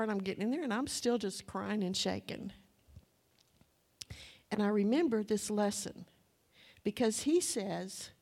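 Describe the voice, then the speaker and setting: A woman's voice: on the high side, a little mellow. A woman preaching a testimony sermon, telling her story in a chatty, breathless way and acting out her own past words. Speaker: church speaker.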